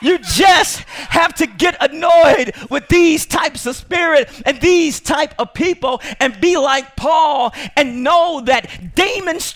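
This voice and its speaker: A man preaching a sermon to his congregation. He speaks emphatically, repeats himself, and rises into shouts. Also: extremely high pitch. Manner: emphatic, repetitive, bursts into shouting; addresses congregation directly. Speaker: pastor.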